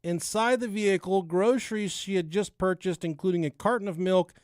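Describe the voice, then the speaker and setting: A man's voice: high-pitched, brisk, darkish tone, clear, resonant tone, no room sound, clean studio sound. A man co-hosting a podcast, telling a true-crime story and chatting casually, swearing and laughing at his own jokes. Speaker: podcast co-host.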